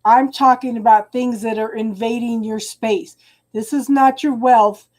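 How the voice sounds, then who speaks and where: A woman reads tarot cards live for her online viewers and talks straight to them. Her voice sits a little high but sounds soft and mellow. She stops and restarts her phrases a lot and calls people hun. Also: steady tone, a little slow. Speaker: tarot reader. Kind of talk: live-stream tarot reading, talking to viewers.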